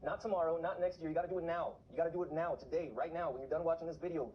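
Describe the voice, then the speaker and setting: A man's voice: a little high, steady tone, very fast, dull audio. A man talking to camera in a casual vlog, urgently exhorting his viewers. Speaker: vlogger on remote viewing.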